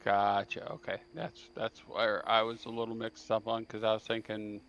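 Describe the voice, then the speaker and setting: A man's voice: lowish voice, completely flat delivery, moderate pace, fairly bright tone, lo-fi sound, slight background noise. A man playing in a tabletop role-playing game online, thinking aloud and laying out plans persuasively. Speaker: player. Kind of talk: tabletop role-play discussion.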